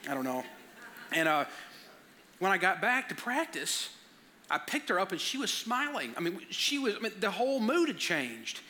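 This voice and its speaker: A man's voice: sits high, big pitch swings, normal speed, bright, forceful tone. A man preaching a conversational sermon, telling personal stories and often stammering and repeating words. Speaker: pastor.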